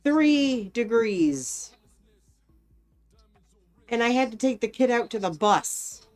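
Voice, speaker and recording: A woman's voice: a little high, a little fast, faint music behind. A young woman co-hosting a casual chat, rambling and swearing freely as she acts out quotes. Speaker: co-host.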